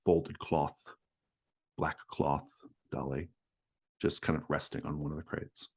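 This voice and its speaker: Very deep-voiced male game master. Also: little pitch movement, gravelly, husky. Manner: measured, descriptive narration. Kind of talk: narrating a tabletop horror game.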